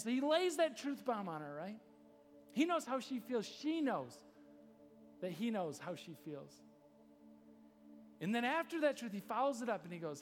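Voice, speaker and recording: High-voiced man preaching in a hall. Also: lively intonation, moderate pace. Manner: conversational storytelling, acts out quoted lines. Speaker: pastor. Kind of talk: sermon. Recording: long reverb of a hall, faint music.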